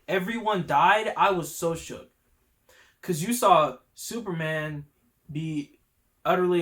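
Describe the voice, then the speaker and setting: A fairly high-voiced man talks through a film he loves in a loose, slangy vlog style. He gets carried away with enthusiasm. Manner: excitable, gets worked up. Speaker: YouTube channel host. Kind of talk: casual movie review vlog.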